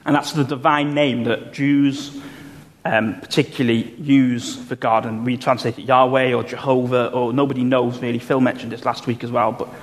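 A man's voice: medium pitch, flat delivery. Preacher man in a reverberant hall. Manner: explanatory, measured, with slowed emphasis on key phrases. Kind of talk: sermon. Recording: long hall reverb, faint room noise.

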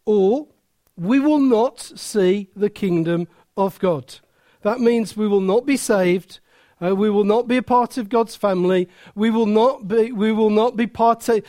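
Pastor guy preaching, real high voice, slow and earnest, dry close sound. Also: a little mellow, no echo. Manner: earnest, measured preaching with frequent pauses. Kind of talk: sermon.

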